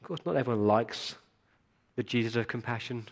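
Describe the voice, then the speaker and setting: A man's voice: mid-range voice, a little fast. A male pastor giving a sermon, speaking earnestly and appealing directly to his congregation.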